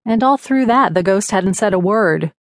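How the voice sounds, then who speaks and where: A woman narrating an audiobook in a measured, wry manner from a studio. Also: mid-range voice, lively intonation, dry recording. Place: recording studio.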